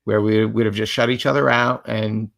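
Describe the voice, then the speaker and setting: A man's voice: on the low side, fairly even intonation, normal speed, gravelly, fairly bright tone. A man co-hosting a livestream about relationships, talking in an earnest, reflective way, with lots of fillers. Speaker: co-host of a couples livestream. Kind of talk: casual conversational talk.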